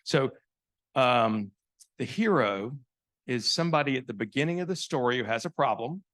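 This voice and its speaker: A man's voice: medium pitch, fairly bright tone. Man telling a story in a sales talk. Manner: conversational, rhetorical questions to the audience. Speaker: sales consultant giving a keynote. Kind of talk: live business talk with storytelling. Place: event venue before an audience.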